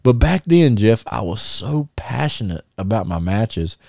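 Relaxed man telling wrestling stories. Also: lowish voice, measured pace, creaky, dry recording, clean studio sound. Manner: animated, laughing, many restarts and fillers. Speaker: former wrestler, podcast guest. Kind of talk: casual storytelling chat.

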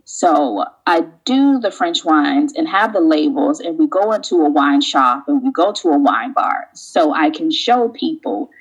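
A woman being interviewed about wine, telling relaxed stories and acting out little exchanges. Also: low-pitched, measured pace, hardly any pauses, slightly rough, low-quality recording. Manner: relaxed storyteller, acts out quoted exchanges. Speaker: guest, wine educator. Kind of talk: casual interview conversation. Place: lives in France.

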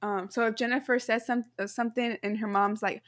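Brief: giggly woman co-host, high and bright, dry close sound, casual slangy banter. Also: steady tone, fast talker, no echo. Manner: giggly, laughs often, playful slang. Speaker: podcast co-host. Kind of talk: casual chat.

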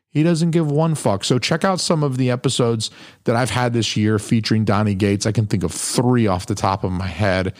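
A man's voice: mid-range voice, darkish tone, no echo, clean studio sound. A man hosting his podcast, talking in a crude, blunt, rambling way and swearing constantly. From New Hampshire. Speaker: podcast host. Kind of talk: profane casual monologue.

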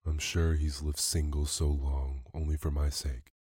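A man reading aloud and voicing a frail, devoted young woman who speaks quietly. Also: a bass voice, little pitch movement, unhurried, breathy edge, no room sound, studio quality, exaggerated voice. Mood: sad. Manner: quiet, subdued.

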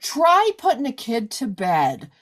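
A woman's voice: a little high, wildly swooping pitch, slow. A middle-aged woman hosting a podcast, reading an ad and then chatting with a guest in a loose, rambling way full of asides. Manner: chatty, many fillers and asides. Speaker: podcast host. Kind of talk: casual interview chat and ad read.

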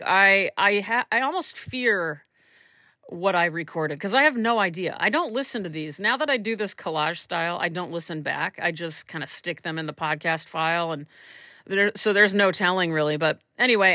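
A woman's voice: lowish voice, sharp tone, no room sound, studio quality. A woman hosting a casual solo podcast from a small room at home, rambling and self-deprecating, a little stuffy from allergies. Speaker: podcast host.

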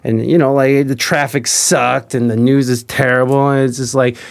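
A man's voice: medium pitch, fairly even intonation, moderate pace, gravelly, dry recording. A man hosting a casual conversation, earnest, often repeating words and swearing.

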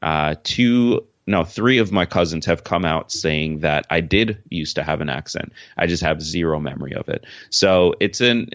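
A man from Jamaica talks as an interview guest in a frank, easygoing way. His voice sits extremely low. The recording is dry and a little dull. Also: a bit bright, no echo. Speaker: podcast guest. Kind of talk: casual interview answers.

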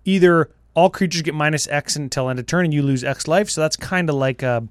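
A man's voice: a little high, smooth, no echo. A man co-hosting a podcast, reviewing game cards in casual, joking chat. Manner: joking, quick asides. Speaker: podcast co-host.

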